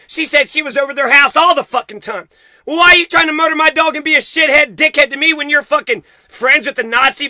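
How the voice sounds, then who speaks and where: A man's voice: extremely high pitch, pushed and bright, no echo. A man ranting into the camera for his vlog, heated and accusatory, swearing constantly. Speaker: vlogger. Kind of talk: profane angry rant to camera.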